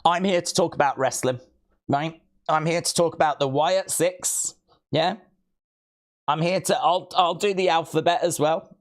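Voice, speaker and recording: A man's voice: on the high side, animated, measured pace. A man hosting a live stream, chatting casually, reading viewer comments aloud and playfully mock-scolding viewers he calls kids.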